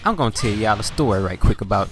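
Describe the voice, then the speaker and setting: A man with a lowish voice and lively intonation talks fast while music plays behind him. He hosts gaming videos, comes from Louisiana with a Southern US accent, and tells casual, profane stories over gameplay.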